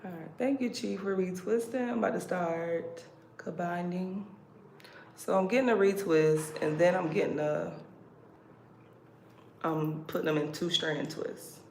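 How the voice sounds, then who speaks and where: A woman's voice: lowish voice, a little slow, a little mellow. Woman, livestream host, casual chat, playful, roomy echo. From United States. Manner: chatty, laughing, playful. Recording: roomy echo, background noise.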